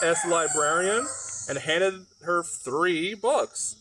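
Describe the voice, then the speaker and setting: A library storyteller with a fairly high, expressive voice reads a children's picture book aloud, taking his time. He adds playful, chatty asides for young listeners at home, and the background is noisy.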